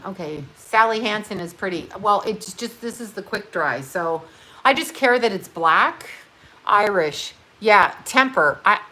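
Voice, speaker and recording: A woman's voice: medium pitch, sharp tone. A woman from Canada chatting casually on a livestream, rambling, blunt and profane, with self-mocking asides. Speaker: livestream host. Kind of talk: casual chat.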